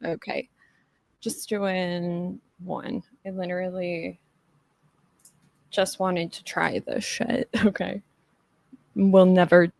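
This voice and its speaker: With a fairly low, gravelly voice on a dry recording, a young woman hosts a livestream and chats casually. She rambles on, curses, and laughs frequently.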